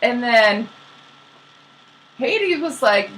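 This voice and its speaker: A young woman casually retelling myths as a podcast co-host, slangy and animated, acting out the characters. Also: fairly low pitch, normal speed, slight background noise, rough recording.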